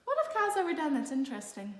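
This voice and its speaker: A woman's voice: high voice, big pitch swings, fast talker, voice pushed up. Stubborn, theatrical little girl, woman reading, echoey room. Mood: eager. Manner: emphatic, theatrical. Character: spirited young girl, dramatic and stubborn.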